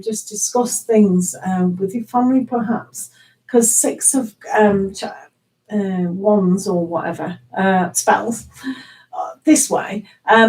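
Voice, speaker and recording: A woman's voice: mid-range voice, darkish tone, distant mic, low-quality recording. A woman giving live tarot readings in a chatty, giggly way, with many ums and restarts. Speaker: tarot reader.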